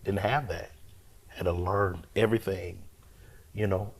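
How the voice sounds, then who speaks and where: A middle-aged man from Omaha, a pastor, telling his story in an interview in an animated, conversational way. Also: low-pitched, unhurried, vocal fry, husky. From Omaha, Nebraska, US. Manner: animated, acts out quoted voices, vernacular phrasing.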